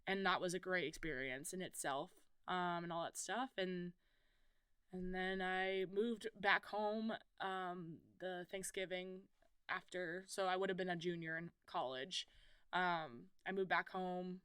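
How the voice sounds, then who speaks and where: Podcast guest, woman in her twenties, crisp and bright, lively storyteller in a dry studio. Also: on the low side, a little slow, no room sound. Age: 20s. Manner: chatty storyteller, acts out quoted dialogue. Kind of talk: casual chat.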